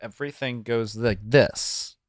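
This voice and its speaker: A man's voice: medium pitch, fairly even intonation, unhurried, dry recording, clean studio sound. A man chatting casually on a podcast, wry and jokey, calling himself cranky.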